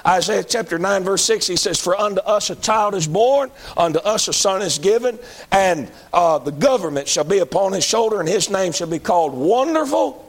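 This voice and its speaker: A man's voice: high voice, expressive, moderate pace, gravelly. A man preaching a sermon in a folksy, emphatic manner.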